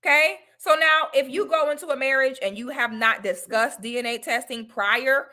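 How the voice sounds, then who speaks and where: A woman hosting a casual livestream talk, giving blunt, opinionated advice in an animated way. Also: fairly high pitch. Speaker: online talk host.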